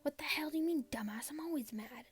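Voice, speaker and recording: A woman's voice: a little high, normal speed, darkish tone, breathy edge. A woman voicing a hot-tempered cursing young man. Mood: angry. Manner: brash, cursing.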